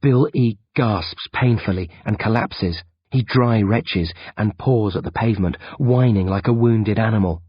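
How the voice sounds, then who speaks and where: A man narrating a first-person audiobook in a tense, measured storytelling manner. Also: on the low side, breathy edge, dry recording. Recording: dull, dry lo-fi recording.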